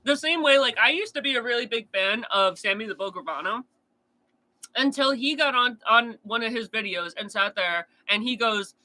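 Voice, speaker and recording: A man's voice: very high-pitched, moderate pace, pushed and bright, low-quality recording. A man chatting casually on a true crime stream, answering chat in a blunt, profane rant.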